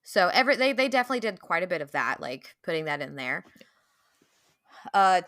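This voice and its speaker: A woman's voice: lowish voice, sing-song, a little fast, fairly bright tone, no echo, studio quality. A young woman co-hosting a podcast in casual chat, enthusiastic, laughing often and using many fillers. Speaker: podcast co-host.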